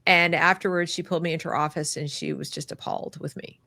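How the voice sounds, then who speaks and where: A woman's voice: low-pitched, fast, vocal fry, no echo. A woman hosting a podcast, telling a story in a casual conversational way, laughing often and acting out what others said. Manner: animated, laughs often, acts out quotes. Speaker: podcast host.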